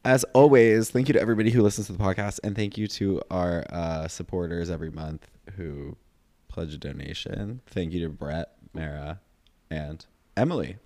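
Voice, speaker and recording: Male podcast co-host, very deep gravelly voice, upbeat quips. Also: moderate pace, mellow. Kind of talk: casual chat.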